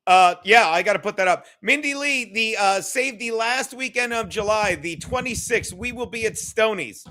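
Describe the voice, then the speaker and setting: High, bright-voiced man hosting a livestream. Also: normal speed. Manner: loose, profane, reads viewer comments aloud. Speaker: livestream podcast host. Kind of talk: casual livestream chat.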